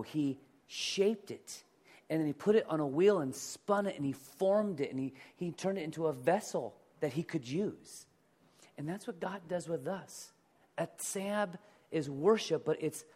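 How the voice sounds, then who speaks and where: A man's voice: on the high side, a little mellow, husky. A middle-aged male pastor preaching a sermon in a conversational way, asking the congregation to repeat words after him.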